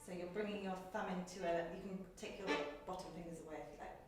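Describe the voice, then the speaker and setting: A woman's voice: lowish voice, fairly even intonation, fast talker, over music. A woman teaching a group violin lesson, cueing players in an upbeat, encouraging way. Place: teaching room. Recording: roomy, distant mic with violin playing.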